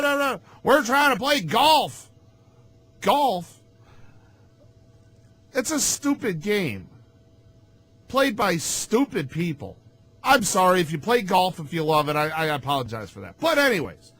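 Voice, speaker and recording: A man rants straight to his viewers in a sarcastic, mocking tone, blunt and unapologetic. His voice sits fairly high for a man. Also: fairly bright tone. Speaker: ministry vlogger. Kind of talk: ranting vlog monologue.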